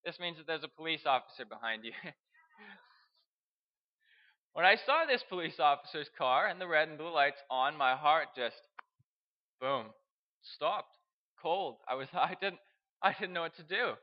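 A young man from Canada, telling a personal story in a halting way, repeating words and chuckling. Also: fairly high pitch, expressive, muffled recording. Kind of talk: storytelling speech.

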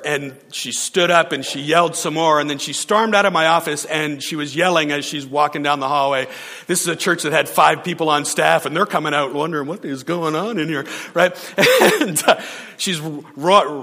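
A man's voice: on the high side, in a large hall. A man preaching a sermon as a pastor, telling a story with frequent laughs and acting out the quotes. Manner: animated storyteller, laughs often, acts out quotes.

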